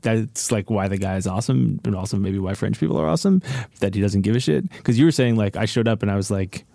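A man interviewing an author in a relaxed, casual way with some hesitant fillers. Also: lowish voice, quick pace, creaky, no echo. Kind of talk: conversational interview.

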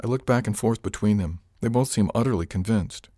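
A man narrating an audiobook in first person, steady and measured, on a close studio mic. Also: lowish voice, dry recording.

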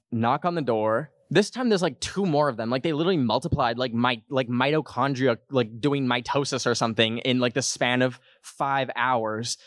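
A young man hosting a podcast, telling a comic story to a live audience in an animated, jokey way. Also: no echo, studio quality. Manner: animated, jokey, puts on high voices for quotes. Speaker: podcast host.

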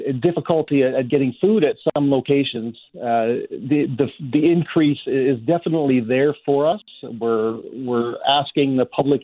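A male charity officer being interviewed over the phone, earnest and measured, often restarting his sentences. The line is tinny and phone-like. The sound is completely dry. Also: mid-range voice, no echo. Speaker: Salvation Army officer, guest.

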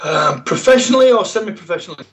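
A South Yorkshire man in his fifties with a fairly high voice, answering questions as a podcast guest. He is good-humoured and pokes fun at himself. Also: lively intonation, fast talker, fairly bright tone. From South Yorkshire, England. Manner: good-humoured, self-mocking. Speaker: guest, former footballer. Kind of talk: casual interview chat.

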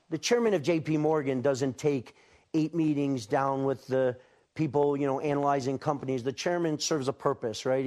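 A man giving earnest, deliberate answers as a guest in a television interview. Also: mid-range voice, a little mellow.

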